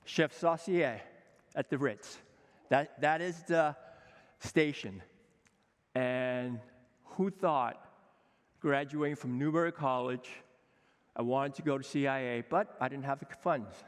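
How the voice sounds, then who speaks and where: Older guy chef, fired-up conference speech, mid-pitched voice, big echoey hall with a long tail. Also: smooth. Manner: energetic, emphatic, acts out quoted dialogue. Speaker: chef giving a mentoring talk. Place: conference hall with a seated audience.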